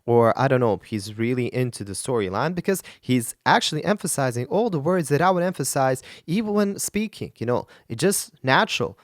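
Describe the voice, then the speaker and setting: A man's voice: medium pitch, lively intonation, brisk, hardly any pauses, no echo, studio quality. A man, a vocal coach, giving enthusiastic, analytical commentary while reacting to a song. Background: faint rock song playing.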